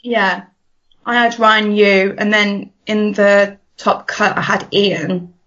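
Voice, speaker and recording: A woman's voice: mid-range voice, steady tone, slow, a bit bright. A woman, a podcast guest chatting casually, laughing often and restarting her sentences. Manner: giggly, stammering restarts. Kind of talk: casual chat. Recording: dull lo-fi audio.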